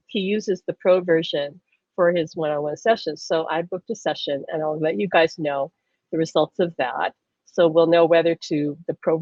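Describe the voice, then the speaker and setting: A woman's voice: fairly low pitch, dry recording. Chatty woman host on muffled stream audio. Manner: animated storyteller, laughs often. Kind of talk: casual chat.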